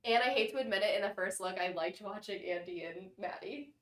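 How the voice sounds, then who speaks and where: A woman's voice: mid-range voice, a bit bright. A young woman co-hosting a podcast, chatting with enthusiasm in a casual recap. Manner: chatty, enthusiastic, quick to laugh. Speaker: podcast co-host. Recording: echoey room.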